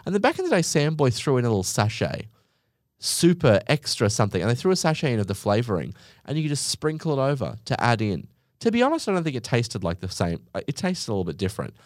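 A man's voice: mid-range voice, big pitch swings, fast, dry recording, studio quality. A young man hosting a podcast, ranting comically with sarcasm, exaggeration and swearing. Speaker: podcast host. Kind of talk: comedic monologue rant.

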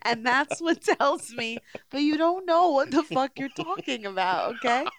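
A woman's voice: high voice, expressive, measured pace, background noise. A woman co-hosting a podcast in casual chat, playful and teasing, often laughing, recorded close on a podcast mic. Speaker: podcast co-host. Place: home podcast setup in New York.

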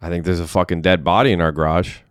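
Curt, profane young man, voiced by a male reader, deep and dry. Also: steady tone, fast, clear, resonant tone, dry recording, lightly acted. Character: young man, blunt and snappish.

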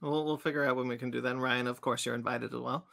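A man in his thirties co-hosting a podcast, excitable and teasing as he runs through announcements. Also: mid-range voice, quick pace, gravelly. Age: 30s. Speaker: podcast co-host. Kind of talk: casual podcast chat.

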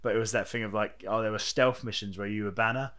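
A man's voice: fairly low pitch, fairly even intonation, quick pace, a bit bright. A man chatting casually as a podcast co-host. He rambles loosely, leans on fillers and swears freely. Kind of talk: casual chat.

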